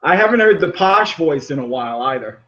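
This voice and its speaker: Rambling animated man on a muffled line. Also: on the high side, a little fast. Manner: rambling, animated, laughs often. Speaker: caller. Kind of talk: casual call-in chat.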